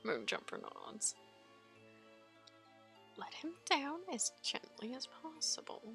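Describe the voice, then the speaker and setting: Bright, gravelly woman reading a game aloud. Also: sits high, takes it slowly, in a whisper, faint music behind. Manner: giggly, expressive reading. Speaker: let's play streamer. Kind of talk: reading a visual novel aloud.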